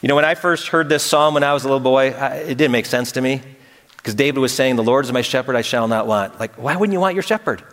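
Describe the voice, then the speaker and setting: A man's voice: medium pitch, fast talker, fairly bright tone. A man preaching a sermon as pastor, earnest and building to emphatic peaks, with touches of humor. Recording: long hall reverb.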